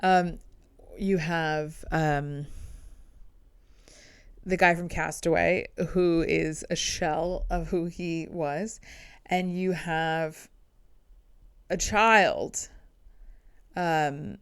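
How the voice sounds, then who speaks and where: A woman podcast host and comedian riffing in a dark, irreverent comedic monologue. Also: low voice, steady tone, extremely slow, long pauses, clean tone, dry recording. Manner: dark, irreverent joking with frequent laughs.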